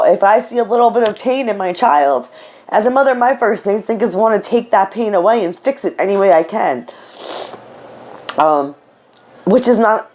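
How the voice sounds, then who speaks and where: A woman's voice: mid-range voice, a little mellow. A woman vlogging to camera at home as a stay-at-home mother, talking candidly and rambling with fillers and casual swearing, tearful at times. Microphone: camera mic.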